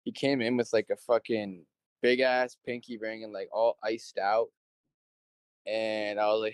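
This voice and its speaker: A young man, a show promoter, guests on a casual podcast interview, rambling through stories, swearing freely, and acting out what people said. His voice is on the low side and darkish, with fairly even intonation and a moderate pace, recorded without echo.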